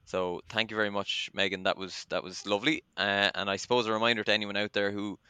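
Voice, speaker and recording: A man's voice: fairly low pitch, flat delivery, fast, pushed and bright, clear, resonant tone, dry recording. An Irish man hosting a casual podcast chat, chatty and self-deprecating, with plenty of ums. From Ireland. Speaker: podcast host.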